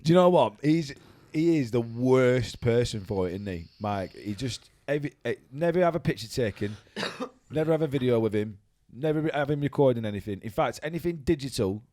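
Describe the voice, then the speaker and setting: A man ribbing his mates in relaxed podcast chat, his pitch bouncing up and down as he jokes. The sound is close and dry. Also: fairly quick, few pauses, no room sound. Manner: teasing, joking, lively. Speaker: podcast co-host. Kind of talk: casual banter.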